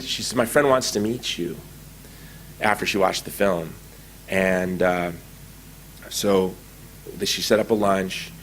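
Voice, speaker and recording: A middle-aged man giving a conference talk, telling a story with lively acted-out quotes. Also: on the low side, a little hiss or hum. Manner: animated storytelling, acting out quoted dialogue. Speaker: conference speaker. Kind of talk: anecdotal public talk. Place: conference hall.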